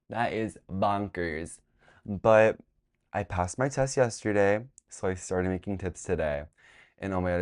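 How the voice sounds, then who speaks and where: A young man with a low, mellow voice hosts a chatty vlog. He sounds worn out, yet he keeps flipping from drained, flat sighs to sudden excited squeals as he dishes like gossip. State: tired. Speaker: vlog host.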